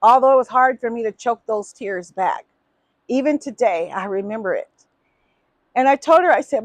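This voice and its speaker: A woman's voice: a little high, normal speed, no echo. A woman in her fifties, hosting a small talk show and telling her own story earnestly, with many fillers and restarts. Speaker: host answering audience questions.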